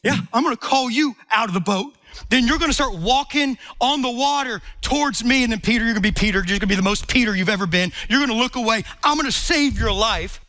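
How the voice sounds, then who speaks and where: A preacher doing an excited, slangy Jesus with a high, bright voice. He sounds casual and eager as he lays out his plans, and his pitch keeps lifting. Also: fast talker. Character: excited upbeat adult male Jesus planning ahead. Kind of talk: sermon storytelling.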